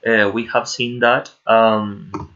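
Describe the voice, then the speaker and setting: A man's voice: lowish voice, little pitch movement, slow, pushed and bright. A man with a Spanish accent teaching an English grammar lesson to children, patiently checking in with "okay?" after each point. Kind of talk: online lesson explaining grammar to pupils. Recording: muffled lo-fi sound.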